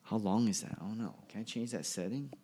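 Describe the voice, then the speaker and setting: Fast and a bit rough, this fairly low, warm male voice belongs to a comedian musing alone on his podcast. He's offhand and rambling, often trailing off midway and restarting.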